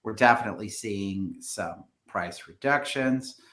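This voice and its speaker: Man, low voice, halting speech full of fillers, real estate live stream, roomy echo. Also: a bit bright. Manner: hesitant, many fillers and restarts. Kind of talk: live stream market discussion.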